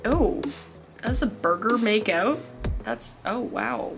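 A woman in her thirties hosting a casual comedy reaction video, animated and quick to joke. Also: mid-range voice, faint music behind. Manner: animated, laughing, jokey asides. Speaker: host reacting to funny videos.

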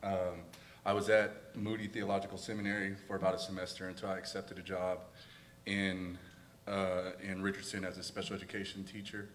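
A young man from Texas, a student, sharing a personal testimony in a church, hesitant and halting with many fillers. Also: low voice, little pitch movement, fairly bright tone, slight background noise.

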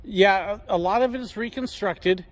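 A man's voice: high voice, moderate pace. A man hosting a casual guided tour of an outdoor Roman amphitheater, slightly out of breath, talking into a camera without a microphone. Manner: animated, showman-like projecting at times. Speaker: travel vlogger, host. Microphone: handheld camera, no microphone.

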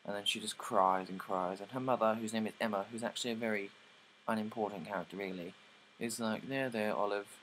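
A man's voice: fairly low pitch, fairly even intonation, a little fast, a bit bright, a little hiss or hum, poor audio. A young man casually summarizing plays, rambling with lots of likes and ums and casual swearing.

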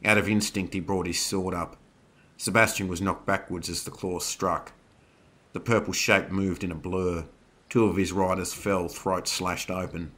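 Deep-voiced man narrating a horror story. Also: normal speed, background noise. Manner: steady, dramatic storytelling.

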